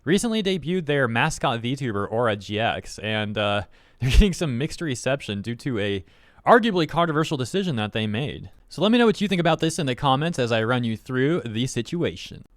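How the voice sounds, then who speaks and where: A man's voice: medium pitch, animated, no echo, studio quality. A man giving casual, skeptical commentary as a YouTube host, reading posts aloud and picking them apart. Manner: skeptical, wry, quick commentary.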